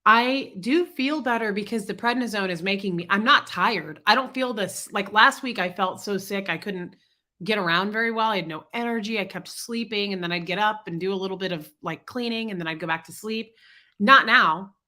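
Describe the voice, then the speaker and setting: This livestream host chats casually through a sick, stuffed-up voice, reading comments and welcoming viewers by name. She speaks fairly quickly at a medium pitch, bright and forceful.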